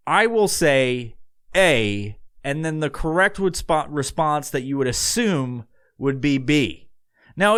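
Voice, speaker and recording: Male podcast host, slightly high voice, loose rambling monologue, swears a lot, laughs between thoughts. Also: a bit bright, smooth. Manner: rambling, profane, laughs often. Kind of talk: casual monologue.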